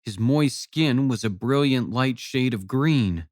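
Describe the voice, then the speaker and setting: A man narrates an audiobook in a steady, even storytelling voice of middle pitch. The recording is dry and close, with no room sound. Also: slow, no echo.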